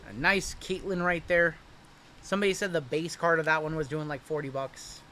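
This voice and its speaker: A man hosts a live card break, talking casually and reacting with upbeat energy as each pack opens. His voice is bright and forceful and sits a touch high. Faint ambient noise sits under the talk. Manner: chatty, upbeat, and quick to react to pulls.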